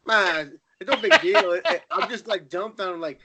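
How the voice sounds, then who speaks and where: Male podcast guest, jokey and laughing, high pitched with a sharp edge. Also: animated, normal speed, slight background noise. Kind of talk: casual podcast chat.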